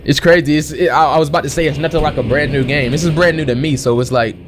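A man hosting a let's play, excitable and slangy, exclaiming at the game as he plays. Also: fairly high pitch, quick pace, noisy background. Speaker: gaming channel host. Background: game music and sound effects.

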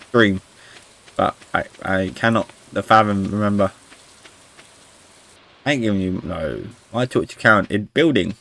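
A man's voice: on the low side, normal speed, fairly bright tone. A man streaming a video game, chatting casually with his viewers, joking and swearing now and then. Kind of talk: casual gaming stream chat.

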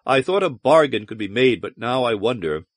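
A man voicing a weary, torn spaceship guide with a hoarse, tired manner. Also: mid-range voice, expressive, moderate pace, dry recording, natural voice.

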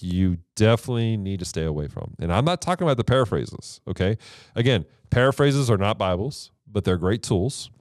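A man's voice: lowish voice, darkish tone, no echo, clean studio sound. A man hosting a Bible teaching show, explaining translations in a casual, emphatic way with rhetorical questions.

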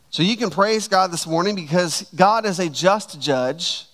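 A man preaching a sermon to his church, slow and emphatic, stretching out key words. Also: sits high, a bit bright. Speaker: pastor.

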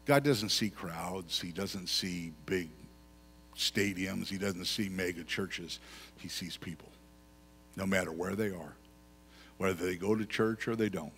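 Preaching in a reverberant church sanctuary, this pastor has a low, unhurried, slightly bright voice. His sermon is conversational with repeated phrases, and the recording has a touch of hiss or hum on top of the long hall reverb.

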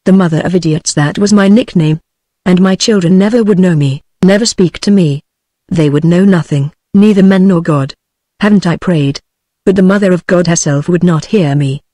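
A woman's voice: fairly low pitch, normal speed, no echo, studio quality, close to an everyday voice. Brief: bitter peasant daughter, British female TTS reader, level delivery, no acting. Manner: flat, level synthetic delivery. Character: grim, bitter young peasant woman.

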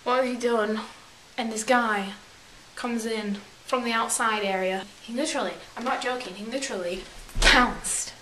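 A woman's voice: a little high, moderate pace. A young woman vlogger rambling through a story in a put-on English accent, acting out quotes in silly voices. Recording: echoey room with faint hiss.

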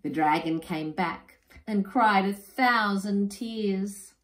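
A woman reading a children's picture book aloud, expressive and unhurried. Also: mid-range voice. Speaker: storyteller. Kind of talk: children's story read-aloud. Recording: roomy echo.

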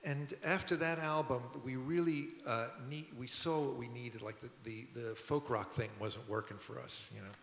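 An older man tells rambling stories at a public talk, his gravelly voice edged with brightness. He restarts his sentences as he goes. It rings through a big hall with a long tail. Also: mid-range voice, steady tone, normal speed, few pauses. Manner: rambling, conversational, frequent restarts. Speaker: record producer and musician, guest. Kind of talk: anecdotal storytelling at a public talk. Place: museum auditorium. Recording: echoey hall.

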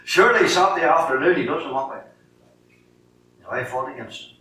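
A middle-aged man with a Northern Irish accent giving his testimony in a sermon, telling his story in an animated way and acting out the dialogue. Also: fairly high pitch, brisk. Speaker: lay preacher giving testimony. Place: church sanctuary. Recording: echoey church from a distance with faint noise.

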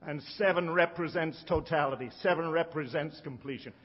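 A middle-aged man preaching a sermon in an emphatic way, slowing down to stress his key lines. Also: a little high, husky. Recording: dull sound with long hall reverb.

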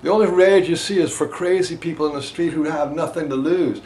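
A man teaching a group about emotional release, impassioned, swinging between loud emphasis and quiet asides. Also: on the high side, brisk. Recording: echoey room with faint background noise.

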